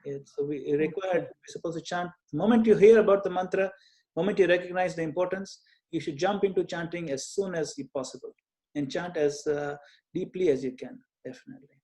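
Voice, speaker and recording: A man leading a devotional Q&A over a video call, speaking gently and earnestly with frequent small hesitations. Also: fairly high pitch, a little fast. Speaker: Q&A session leader. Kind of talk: online group Q&A, teaching.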